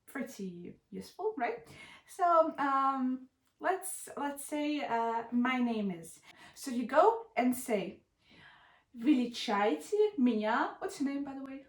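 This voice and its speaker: A young woman with a Russian accent speaks in a fairly high voice, gushing and eager with a dry, teasing edge. She plays a mock language teacher in a comedy sketch. The recording is roomy with a clear echo. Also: animated, slow pace.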